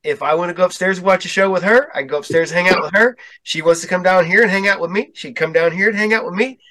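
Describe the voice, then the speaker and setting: A middle-aged man hosting a casual chat show, telling relaxed stories with easy laughs and free swearing. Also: high-pitched, fast, rough recording. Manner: laid-back, chuckling storyteller, swears freely. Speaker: podcast host.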